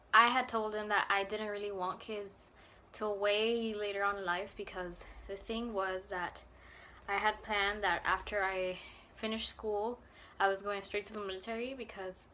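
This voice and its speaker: Bright-voiced young woman rambling storytime. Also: mid-range voice. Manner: rambling, filler-heavy, lots of "like" and "um"; emotional and earnest. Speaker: vlogger. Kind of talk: personal storytime vlog.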